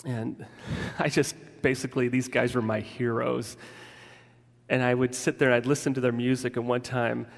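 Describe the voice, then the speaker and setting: Long reverb from a large hall surrounds a pastor's relaxed, anecdotal sermon, in which he keeps restarting sentences as he tells stories. He speaks at a normal pace in a creaky, mid-range male voice that barely shifts in pitch.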